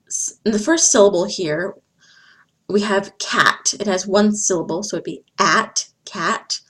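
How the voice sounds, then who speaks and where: A woman teaches vowel sounds over slides, and she speaks at a very slow and careful pace. She says each example word clearly and repeats the sounds so listeners can follow. Her pitch sits in a middle range. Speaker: English teacher. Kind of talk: slide-based phonics lesson.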